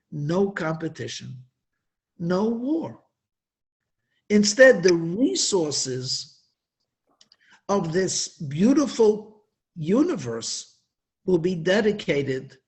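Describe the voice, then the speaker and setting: A man giving an inspirational religious talk at a Hasidic gathering, telling stories with emphatic, drawn-out stresses. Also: sits high, darkish tone.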